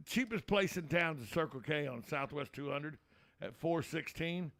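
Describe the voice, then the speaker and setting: Man, radio talk host, gravelly, slightly high voice, folksy and opinionated. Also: animated, moderate pace, fairly bright tone.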